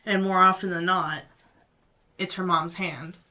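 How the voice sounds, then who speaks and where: A woman's voice: fairly low pitch, fairly even intonation, a little slow, sharp tone, recorded from a distance, rough recording. A woman player describing her character in a chatty, rambling way with many fillers.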